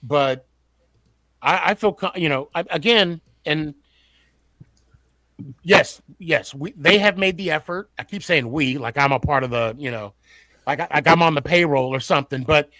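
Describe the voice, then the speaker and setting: A man's voice: fairly high pitch, normal speed, long pauses, pushed and bright, no room sound. A man hosting a casual sports podcast, often repeating and restarting words as he builds his point.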